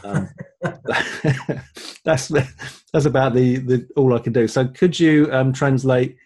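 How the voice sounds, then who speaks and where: A man's voice: medium pitch, slow pace, darkish tone. A man co-hosting a live online Q&A, reading out viewer comments and laughing easily. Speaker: webinar co-host. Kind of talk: live Q&A chat.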